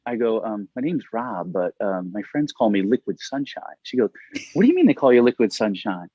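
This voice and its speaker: Guest spot: middle-aged man, low-pitched, rambling and laughing, dry muffled video-call sound. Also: sing-song, brisk, no room sound. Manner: rambling, says "like" constantly, laughs often. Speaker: interview guest. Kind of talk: casual conversation. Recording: dull, dry audio.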